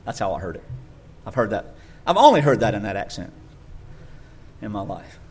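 A man preaching a sermon in an animated way, sometimes mocking others in a high voice. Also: moderate pace, slightly rough.

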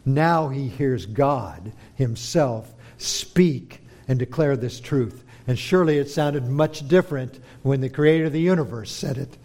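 Man preaching with dramatic hushes and swells. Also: medium pitch, expressive, a little slow, few pauses. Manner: dramatic, swings between hushed and forceful emphasis. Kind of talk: sermon.

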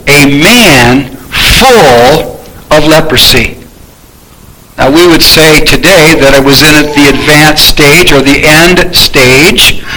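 A man's voice: fairly high pitch, bright, forceful tone, slight background noise, poor audio. A man preaching a sermon in a conversational teaching manner, reading Bible verses and then explaining them while asking his listeners questions.

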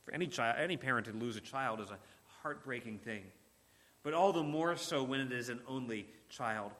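A man's voice: mid-range voice, moderate pace, fairly bright tone. A man preaching a sermon, earnest and emphatic, often repeating words and restarting phrases.

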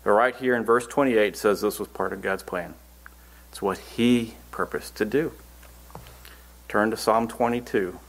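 A man's voice: on the low side, unhurried. A man preaching a Bible-teaching sermon, reading scripture verses aloud and then explaining them in earnest, plain words.

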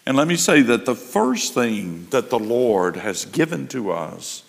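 A man preaching a sermon, slow and emphatic, building in intensity. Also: medium pitch, big pitch swings, vocal fry, long reverb tail. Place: church.

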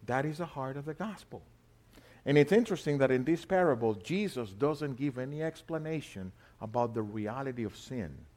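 A man preaching a sermon, swinging between loud emphasis and quiet asides and arguing with imagined questioners. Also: mid-range voice. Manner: rhetorical back-and-forth questions.

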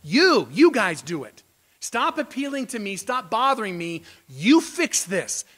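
A man's voice: sits high, very animated, a little slow, fairly bright tone, pitched above the performer's own voice, exaggerated voice. A man preacher voicing an ancient male king who is impatient and commanding, talking in a raised, insistent way. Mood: exasperated.

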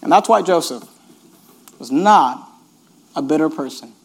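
A male pastor preaching a sermon in an animated, repetitive way, reading scripture and urging listeners to notice each point. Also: on the high side, unhurried.

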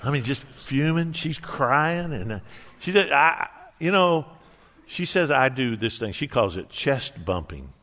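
A middle-aged man preaching a sermon, telling a personal story with earnest warmth and acting out quoted dialogue. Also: mid-range voice, big pitch swings, a little slow. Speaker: pastor. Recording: reverberant hall.

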